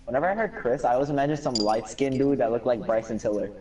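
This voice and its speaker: A man hosts a game stream and jokes with his friends in loose banter. He sits back from the mic, so he sounds a little distant. A loud crowd noise runs behind his voice. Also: medium pitch, quick pace. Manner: joking, teasing banter. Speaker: streamer host. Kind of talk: casual chat over a game stream.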